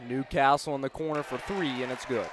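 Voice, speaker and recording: A man calling a high school basketball game play-by-play, passing the ball from name to name in a steady call that lifts when a shot goes up. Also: brisk, some chatter behind, a little hiss or hum. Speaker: play-by-play announcer. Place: school gym.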